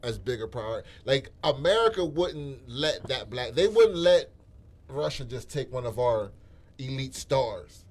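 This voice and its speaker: A man's voice: medium pitch, lively intonation, normal speed. A man hosting a casual podcast chat, talking bluntly and profanely and telling stories with animation. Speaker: podcast host.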